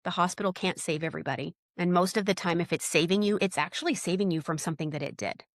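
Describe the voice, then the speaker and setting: A woman's voice: lowish voice, fast talker, no echo, clean studio sound. A woman in her forties, a birth worker speaking as a podcast guest, talking candidly and emphatically and often acting out what people said. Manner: emphatic, animated, acts out quoted dialogue. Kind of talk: candid conversational storytelling.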